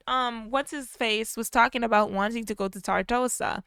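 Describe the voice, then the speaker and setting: A woman's voice: fairly high pitch, steady tone, moderate pace, a bit bright, clean tone, no echo, clean studio sound. A woman casually narrating her gameplay, chatty and easily delighted as she describes what her characters are doing. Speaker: gameplay video creator.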